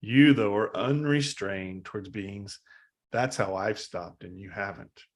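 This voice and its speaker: A man voicing a calm, serene male spiritual teacher, speaking slowly, quietly and in a measured way. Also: lowish voice, voice pushed down, lightly acted.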